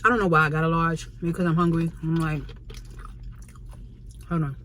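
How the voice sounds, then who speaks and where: Inside a Chinese restaurant, a New Yorker with her native accent narrates a story for her vlog, bluntly and in slang-heavy casual speech. Her voice is low-pitched yet fairly bright, steady in tone at normal speed, with slight background noise.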